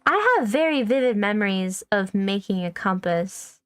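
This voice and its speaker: A woman's voice: medium pitch, expressive, normal speed, clean tone, no room sound. A young woman streaming a video game, rambling casually, swearing freely and poking fun at herself. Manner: rambling, swears a lot, self-mocking. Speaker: VTuber streamer. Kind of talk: casual gaming stream chat. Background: faint background music.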